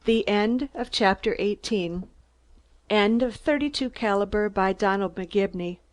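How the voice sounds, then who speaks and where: A woman from Minnesota reading an audiobook novel aloud in a calm, even manner. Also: mid-range voice, measured pace. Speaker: audiobook reader. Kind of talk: audiobook narration.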